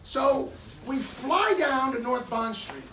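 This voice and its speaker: A man's voice: extremely high pitch, takes it slowly, roomy sound, distant mic, slight background noise, low-quality recording. A man giving emotional remarks at a community gathering, telling a personal story and acting out the dialogue in it. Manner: animated, acts out quoted dialogue. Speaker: dog owner giving remarks. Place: hair salon gathering, indoors. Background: crowd of listeners.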